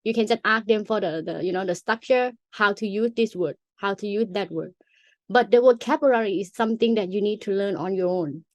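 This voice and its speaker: Speaking a little fast in a mid-range voice, a young woman who is a native Thai speaker with a Thai accent chats casually as a teacher. She patiently explains her language and sounds out examples, recorded dry.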